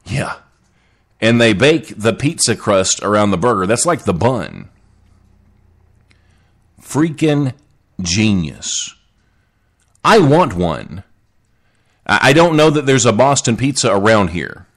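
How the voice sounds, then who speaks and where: A man's voice: fairly low pitch, very animated, slow pace, pauses often. A man hosting a casual live podcast, joking and chatting with listeners in the chat. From Southern United States. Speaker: podcast host.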